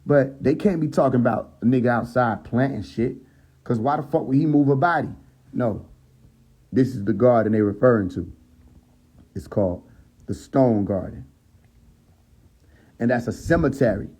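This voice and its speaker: A man's voice: medium pitch, normal speed, pauses often, darkish tone, husky. A man on a phone live stream, retelling a scripture story in casual, profane street talk and checking in with his viewers. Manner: retells the story with acted quotes and laughs at his own jokes. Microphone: phone mic on a social live stream.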